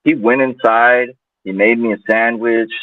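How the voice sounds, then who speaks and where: A man's voice: medium pitch, steady tone, measured pace, dry recording. Man talking casually over a tinny line. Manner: casual, loose, many fillers. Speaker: guest. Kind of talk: personal storytelling in conversation. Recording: tinny phone-like line, dry.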